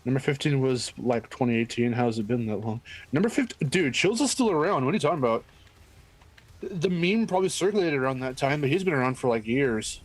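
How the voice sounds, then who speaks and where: A man's voice: medium pitch, fairly quick. A young man co-hosting a game stream, rambling and correcting himself as he chats. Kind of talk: casual chat.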